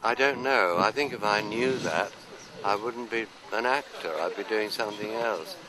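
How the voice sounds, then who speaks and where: A man's voice: on the low side, normal speed, crowd noise, rough recording. An older man from London, an actor answering interview questions in a chatty, anecdotal, self-deprecating way.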